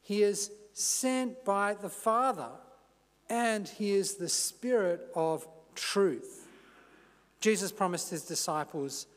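A male pastor delivers a sermon at a slow, deliberate pace, his fairly high voice ringing out with a long church reverb. He speaks in a measured way, easing into casual asides now and then. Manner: measured, unhurried preaching with a gentle conversational aside.

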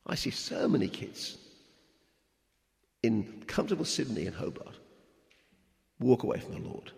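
A middle-aged man, a missionary preacher, giving a conversational, animated sermon with stammered restarts. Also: medium pitch, normal speed, creaky, long pauses. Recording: echoey hall with long reverb.

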